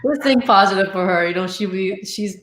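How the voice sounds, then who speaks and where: A woman's voice: mid-range voice, fairly quick, a bit bright, echoey room. A woman in a casual conversation, talking in a comforting way and often adding "you know".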